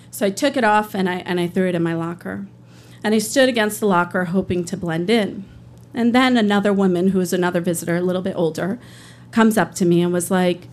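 A woman's voice: mid-range voice, quick pace. A woman and public defender telling a personal story on stage, conversational, earnest and emotional.

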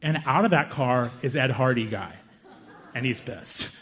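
A young man telling a long comic story on stage, self-mocking and animated, with quick asides. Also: medium pitch, big-room sound. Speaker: stand-up comedian. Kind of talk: stand-up storytelling.

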